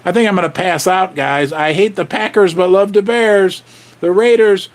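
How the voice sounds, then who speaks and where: A middle-aged man hosting a casual livestream, excitably rattling off viewer names and shout-outs, his voice going hoarse. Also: high-pitched, moderate pace. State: losing his voice. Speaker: livestream host.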